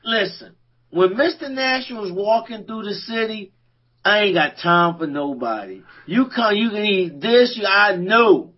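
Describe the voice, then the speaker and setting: A man tells stories on a podcast, laughing as he goes. His voice sits high and husky. The sound is dull and lo-fi. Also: a little slow. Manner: animated, laughs often while telling stories. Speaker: podcast co-host. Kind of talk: casual storytelling chat. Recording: dull lo-fi recording.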